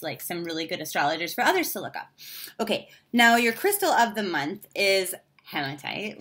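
A woman's voice: mid-range voice, sharp tone. A woman giving a casual monthly horoscope reading to camera as a tarot reader, chatty and candid, with casual swearing and lots of "like" fillers.

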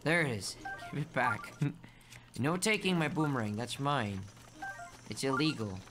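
A man streaming a video game in a playful, cutesy baby-talk manner, calling himself by a nickname, with game music behind him. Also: a little slow. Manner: swings between mumbling asides and high excited yelps. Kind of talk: live gameplay commentary.

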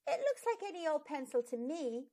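A woman plays a smug little know-it-all girl from a storybook. Her voice sits high and swings, doubtful and superior. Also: big pitch swings, moderate pace, warm tone. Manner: smug, skeptical. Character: know-it-all schoolgirl who loves maths.

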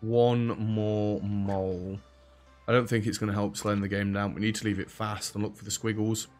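This is a fairly low male voice, delivered completely flat and at a quick pace over faint background music. He speaks with an English accent, dropping H's and T's, in a sarcastic, chatty let's play style. The humor is dry.

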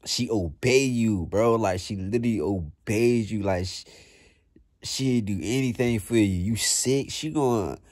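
A man's voice: fairly low pitch, a little slow, a little mellow, no room sound, studio quality. A young man vlogging in a blunt, profane, slang-heavy motivational rant that repeats itself.

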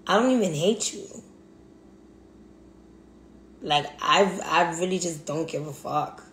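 A woman's voice: fairly low pitch, expressive, takes it slowly, fairly bright tone. Profane, ranting woman in an echoey room. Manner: profane, repetitive, blunt. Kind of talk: angry monologue rant. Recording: echoey room, faint background hum.

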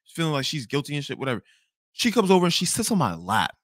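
Fast, animated young man ranting. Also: on the high side, dry recording, studio quality. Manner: animated, swearing, repeats himself when angry. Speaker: podcast host telling a story. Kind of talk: profane storytelling rant.

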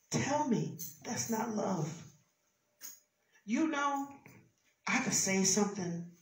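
A woman preaching a sermon with an emphatic, repetitive cadence, swinging between loud exclamations and hushed whispers. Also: medium pitch. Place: church sanctuary. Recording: roomy church sound from a distance.

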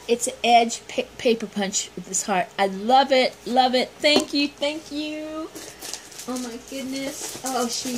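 Slow, high-voiced gushing woman vlogger. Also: a little hiss or hum, rough recording. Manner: gushing, excited, repeats herself. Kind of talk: casual haul video.

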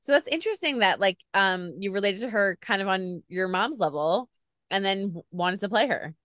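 A woman's voice: medium pitch, expressive, moderate pace, fairly bright tone, dry recording. Woman interviewer, chatty, upbeat, lots of fillers, dry close sound. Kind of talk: casual interview chat.

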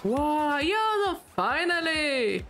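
Woman doing a loud hyper streamer girl. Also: sits high, very animated, slow, soft background music, pitched above the performer's own voice, heavily acted. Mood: hyped. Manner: big loud bubbly announcer voice. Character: loud hyper young female streamer gym leader.

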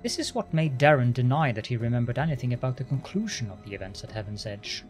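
A man reading the lines of a shaken, grave male inquisitor from a fantasy game, who stumbles and repeats words. Soft music plays under him. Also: mid-range voice, animated, natural voice. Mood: uneasy. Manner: halting, stammers over words.

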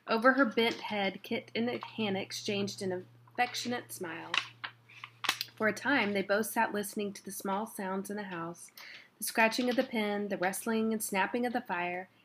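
Female reader, amateur audiobook, unhurried, faint background noise. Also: medium pitch, fairly bright tone. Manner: unhurried, with casual asides. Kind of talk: reading a novel aloud.

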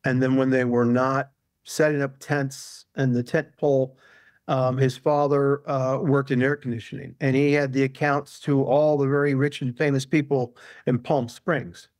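A man's voice: medium pitch, flat delivery, moderate pace, darkish tone, no room sound, clean studio sound. A male author, a guest in an interview, telling a long anecdote casually with many fillers and restarts.

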